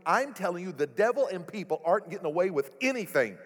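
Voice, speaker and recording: Male pastor, lively, sermon delivery, slightly raised pitch, echoey sanctuary. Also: moderate pace, few pauses. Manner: animated, rising to loud exclamations. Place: church sanctuary. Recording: echoey hall.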